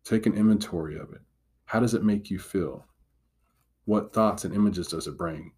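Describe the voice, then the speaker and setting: A man's voice: lowish voice, normal speed, darkish tone, slightly rough. A man giving a devotional teaching talk as a Christian motivational speaker, earnest and encouraging, driving points home with repetition.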